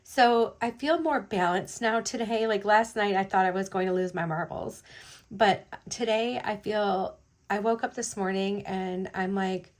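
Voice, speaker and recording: A woman's voice: medium pitch, unhurried. A middle-aged woman hosting a beading video, chatting casually with lots of fillers as she works. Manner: chatty, many fillers, rambling. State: choked up, teary. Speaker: beading channel host. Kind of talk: casual chat while beading.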